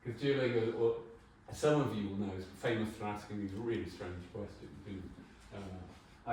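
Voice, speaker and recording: A man's voice: on the low side, moderate pace, few pauses, a little mellow, slight background noise. A man in his sixties giving a conference talk as a brand designer. He speaks informally, with wry humor and the odd swear word. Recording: very echoey hall, mic far off.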